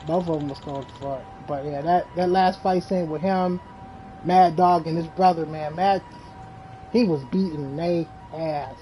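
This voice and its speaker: Mellow-voiced streamer rambling casually. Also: mid-range voice, measured pace, slight background noise, low-quality recording. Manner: rambling, animated storytelling with slang and profanity. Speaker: game streamer. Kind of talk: casual chat while streaming.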